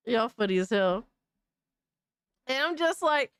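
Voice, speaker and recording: A woman's voice: fairly high pitch, lively intonation, extremely slow, pauses often, a bit bright, clear, resonant tone, dry recording, clean studio sound. A woman hosting a gaming news live stream, chatting casually with viewers in a loose, profane way and laughing often. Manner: loose and profane, laughing often, calling people brother and dog.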